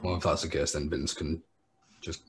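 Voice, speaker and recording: A man co-hosting a wrestling podcast, making blunt, sweary, deadpan predictions in casual chat. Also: a bass voice, moderate pace, slight background noise. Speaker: podcast co-host.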